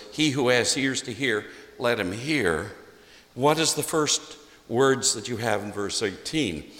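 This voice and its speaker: A man's voice: medium pitch, a bit bright. A man preaching a sermon as a pastor, emphatic and repeating key phrases for stress. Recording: echoey hall, long reverb.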